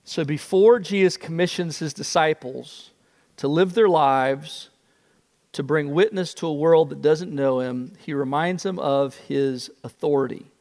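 A man's voice: fairly high pitch, unhurried, a little mellow. A male preacher delivering a sermon, emphatic and building through repeated phrases. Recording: long reverb.

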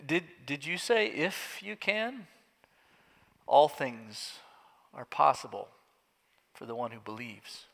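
Brief: a solemn, tender teacher speaking slowly and softly, played by a preacher, with a clear bright tone. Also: male voice, medium pitch, lively intonation. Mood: gentle. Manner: slow, solemn, quiet. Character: calm, grave, tender male teacher. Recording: echoey hall.

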